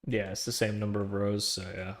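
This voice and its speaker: A man streaming himself coding a trading tool, chatting loosely with slang and laughs, then muttering quietly to himself as he works. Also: on the low side, little pitch movement, a little fast. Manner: slangy, with laughs between phrases. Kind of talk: casual live-coding chat.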